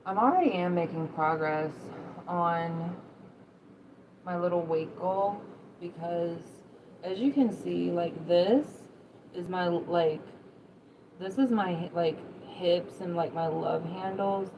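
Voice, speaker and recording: Young woman, livestream host, slow and a bit low, casual and chatty with viewers, faint room noise. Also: muffled recording. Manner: chatty, drawn-out and emotional, with many "like" fillers. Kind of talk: casual livestream chat reading comments. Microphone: phone or webcam livestream.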